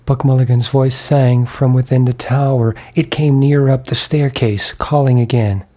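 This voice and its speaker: A man narrating a literary audiobook in a measured, deliberate way. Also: medium pitch, fairly even intonation, warm tone. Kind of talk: scripted narration.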